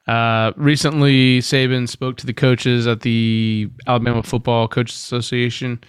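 Smooth-voiced podcast man, dry sound. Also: medium pitch, flat delivery, unhurried, hardly any pauses, no echo. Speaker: podcast co-host. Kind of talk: casual sports chat.

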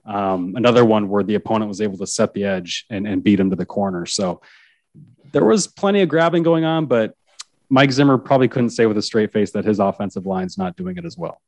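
A man's voice: fairly low pitch, expressive, brisk, a little mellow, dry recording. A man who is a sports reporter, chatting casually about football as a guest, with frequent restarts and chuckles.

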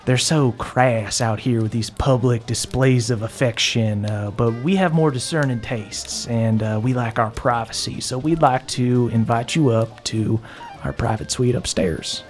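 A man's voice: medium pitch, unhurried, soft background music, lightly acted. A man voicing a haughty female vampire noble who speaks with purring, menacing politeness. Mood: silky menace.

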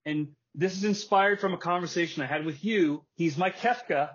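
Husky slightly high voiced guy hosting a podcast, chatty and animated, muffled lo-fi sound. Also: normal speed. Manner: animated storytelling, acts out wrestler quotes and laughs often. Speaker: podcast host. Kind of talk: casual chat. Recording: dull lo-fi podcast audio.

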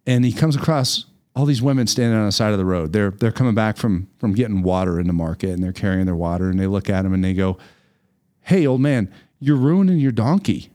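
A man hosting a casual talk show, telling a fable in a lively, rambling way and often repeating his words. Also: deep voice, quick pace, few pauses. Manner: animated, repeats words while telling a story. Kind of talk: casual storytelling chat.

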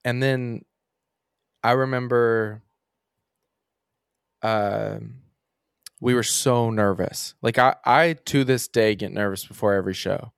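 A man's voice: medium pitch, fairly even intonation, takes it slowly, gravelly, pauses often, clear, resonant tone, no echo. Young man, a musician guest telling rambling stories over a dry close mic in a podcast. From Kentucky. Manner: rambling, frequent "like" and "um" fillers. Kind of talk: casual podcast storytelling.

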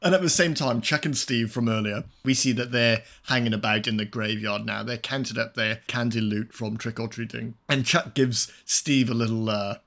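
A man's voice: medium pitch, steady tone, moderate pace, creaky, few pauses, a bit bright. A man casually recapping a film scene by scene for a comedy podcast, swearing freely.

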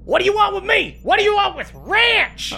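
A man voicing a jittery, defensive townsperson in a tabletop game, high and agitated. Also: big pitch swings, moderate pace, vocal fry, sharp tone, heavily acted.

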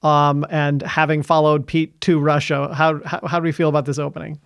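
A man's voice: a little high, flat delivery, brisk, gravelly, fairly bright tone, dry recording, clean studio sound. A man hosting a podcast, chatting casually and laughing often as he leads the talk. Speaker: podcast host. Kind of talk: casual chat.

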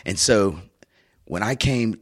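Speaking slowly in a fairly low voice, a middle-aged man shares childhood stories while co-hosting a laid-back podcast chat. He's an animated storyteller who uses lots of fillers.

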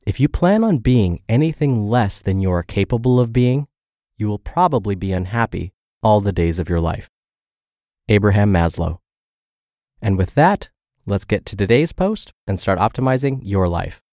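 A man's voice: on the low side, expressive, moderate pace, dark tone, no room sound. A man narrating a health podcast, reading a fitness blog post aloud with dry humor.

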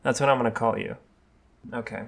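A man's voice: mid-range voice, steady tone, fairly quick, creaky, fairly bright tone. A man co-hosting a casual podcast chat, joking and rambling in a teasing way. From United States. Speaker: podcast co-host.

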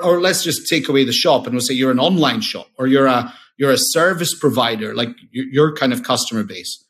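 An eager male founder who talks at a mid pitch in casual interview conversation. He tends to stumble over his words, restarting and repeating himself as his ideas tumble out. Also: fairly bright tone. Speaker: founder and CEO, podcast guest.

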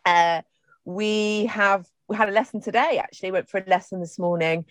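A woman's voice: medium pitch, steady tone, moderate pace, no echo. A middle-aged woman chatting casually as a podcast co-host, rambling through stories with plenty of fillers and restarts. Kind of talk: casual chat.

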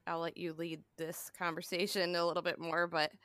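A woman co-hosting a podcast in casual chat, speaking softly and handing the conversation over. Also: fairly low pitch, flat delivery, brisk, no room sound, studio quality. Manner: soft-spoken, brief affirmations. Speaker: podcast co-host.

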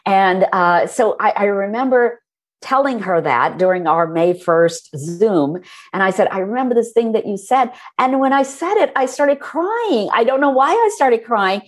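A woman author being interviewed, who tells her stories in a warm, animated way. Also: medium pitch, moderate pace. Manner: warm, storytelling, animated when recalling moments. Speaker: author and guest. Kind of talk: conversational interview.

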